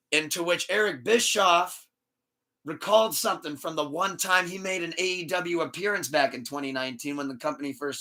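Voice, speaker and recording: Bright-voiced man ranting on a podcast. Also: on the high side. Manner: animated, swearing, storytelling rant. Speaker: podcast host. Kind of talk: casual podcast chat.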